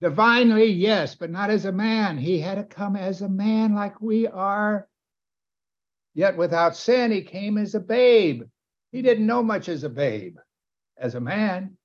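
A man's voice: high voice, lively intonation, measured pace. A man preaching a sermon with emphasis, often asking his listeners questions. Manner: emphatic, asks the audience questions. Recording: dull, lo-fi sound.

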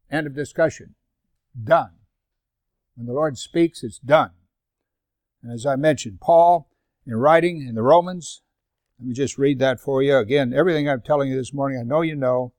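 A man's voice: medium pitch, darkish tone, dry recording. An older man leading a Bible study in a sermon style, reading scripture aloud between conversational asides.

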